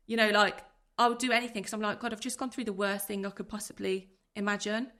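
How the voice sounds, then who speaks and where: A woman in her thirties speaks with a gravelly, creaky edge to her voice. She talks earnestly and from the heart, pouring out her thoughts in rushes as a guest on a podcast. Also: medium pitch, level tone, a bit bright. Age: 30s. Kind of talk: emotional personal interview.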